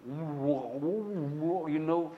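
A man telling a personal testimony story in a conversational way, with dramatic swings between loud and hushed delivery and many asides to the listener. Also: a little high, drawn-out words, phone-quality sound.

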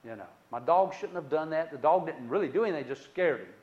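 A man telling a personal testimony story in a conversational way, with dramatic swings between loud and hushed delivery and many asides to the listener. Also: on the high side, expressive, quick pace, muffled recording.

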